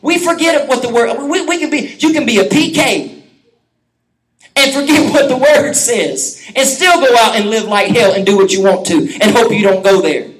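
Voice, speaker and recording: A middle-aged man preaching a sermon, animated and joking with quick asides to the congregation. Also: very high voice, rough recording. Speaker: pastor.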